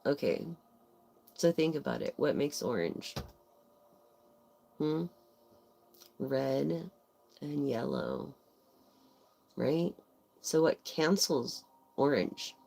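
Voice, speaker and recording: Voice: mid-range voice, sing-song, extremely slow, gravelly, pauses often, darkish tone, low-quality recording. An adult tarot reader giving a casual live reading, rambling and meandering with lots of fillers and the odd swear word.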